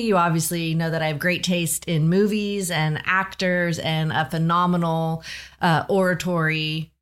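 A woman's voice: fairly low pitch, fairly bright tone. A woman from Texas, a comedian guest on a podcast, chatty and self-mocking. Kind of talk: casual podcast chat.

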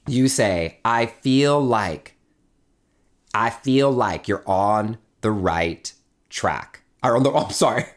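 A woman leading an emotional healing workshop in a casual, conversational way, acting out everyday small-talk replies as she explains. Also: extremely low pitch. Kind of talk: teaching a live workshop session. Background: guitar music playing.

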